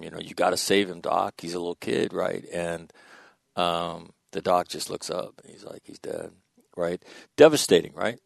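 Gravelly, blunt, low-voiced man. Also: dry recording. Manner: blunt, profane, drops to a hush for quoted dialogue. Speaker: guest, former military officer. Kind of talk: storytelling in a podcast conversation.

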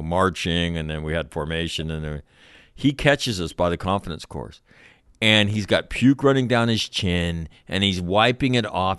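A man's voice: lowish voice, smooth, no echo, clean studio sound. A middle-aged man, a former Marine, rambling through a profane story in casual conversation, laughing as he goes. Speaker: former Marine officer recounting stories.

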